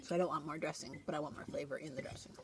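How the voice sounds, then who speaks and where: A woman's voice: deep voice, steady tone, rapid-fire. A woman co-hosting a casual food chat at home, playful and chatty. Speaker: co-host food critic. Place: home dining table. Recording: clear background noise.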